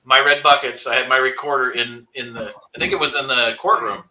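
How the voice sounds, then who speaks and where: A man chats casually on a panel, his voice strikingly bright and cutting. He tells stories bluntly and animatedly, with the odd curse thrown in. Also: mid-range voice, a little fast, far from the mic, poor audio. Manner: blunt, swears, animated storytelling.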